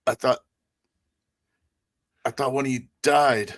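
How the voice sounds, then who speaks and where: Man putting on a scared old prisoner, stammering, high and strained, dry close sound. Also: fairly even intonation, slow, a bit bright, dry recording. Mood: frightened. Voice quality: high-pitched, fearful stammer.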